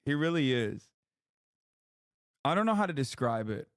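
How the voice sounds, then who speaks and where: A man's voice: mid-range voice, sing-song, moderate pace, dry recording, studio quality. A man streaming and reacting to clips, talking casually and bluntly, swearing and joking. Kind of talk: casual commentary.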